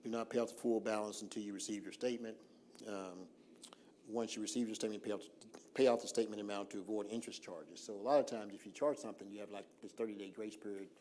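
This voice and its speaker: A man with a lowish, mellow voice talks a church group through credit basics. His delivery is loose and conversational, padded with "uh" and "um", and he slows down on purpose to drive a point home. A faint hum of ambience sits behind him. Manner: relaxed, lots of "uh" fillers, slows down deliberately for emphasis. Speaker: financial workshop presenter. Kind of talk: informal seminar talk. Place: church hall.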